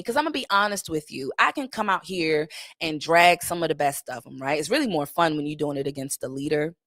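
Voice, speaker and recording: Woman in her 30s, low-pitched, blunt and candid livestream host, dry close sound. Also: a little fast, fairly bright tone, no room sound. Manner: blunt, candid, profane, laughs often. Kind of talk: casual livestream Q&A.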